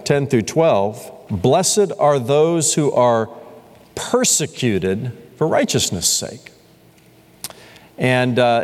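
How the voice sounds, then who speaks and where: Animated male preacher in a reverberant hall. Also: mid-range voice. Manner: expressive preaching with rising emphasis and pauses. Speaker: pastor. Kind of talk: sermon. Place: church sanctuary.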